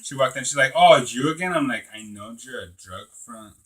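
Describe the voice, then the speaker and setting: A rambling young Tijuana man voiced by a man in a put-on act tells a comic tale in a heavy Mexican accent. He rushes and loses his thread. His tone is bright, with a husky edge. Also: mid-range voice. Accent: put-on Mexican Spanish accent. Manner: meandering, flustered storytelling. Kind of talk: improvised comic storytelling.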